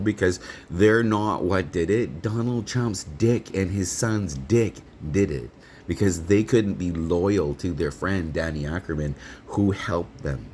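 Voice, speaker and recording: A man's voice: low voice, a little hiss or hum. A man rambling angrily and profanely in a monologue vlog, outdoors. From Canada. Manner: angry, profane ranting. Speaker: vlogger.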